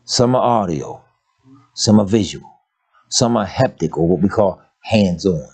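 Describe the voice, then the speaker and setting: An older man preaching a folksy, humorous sermon, telling stories and swinging from low murmurs to high exclamations. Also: lively intonation, a little slow, a little mellow, husky. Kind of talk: sermon with storytelling.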